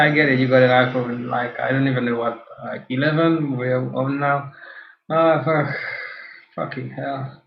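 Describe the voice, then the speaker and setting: A man gives casual, sarcastic commentary on short clips, swearing freely and teasing. His mid-pitched voice sounds roomy and a little dull, recorded in an echoing space. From Mauritius. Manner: sarcastic, swears freely, switches between English and French. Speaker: host reviewing TikTok clips.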